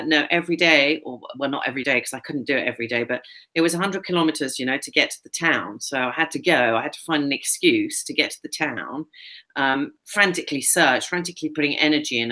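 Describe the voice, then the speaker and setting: A woman's voice: rumbling low, fast talker, pushed and bright. A middle-aged woman telling a personal story in casual, rambling talk, full of fillers and restarts as she co-hosts a chat.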